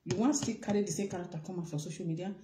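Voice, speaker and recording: A woman with a Nigerian Pidgin English accent delivers a direct-to-camera rant, repeating herself for emphasis as she addresses someone. Her voice is mellow and on the dark side. The sound carries a roomy echo. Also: on the low side, rapid-fire, a little hiss or hum. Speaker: vlogger.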